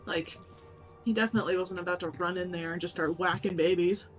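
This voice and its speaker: A woman's voice: lowish voice, fairly even intonation, fairly quick, faint music behind, low-quality recording. A woman chatting casually with her tabletop game group during a break. She swears freely and laughs often.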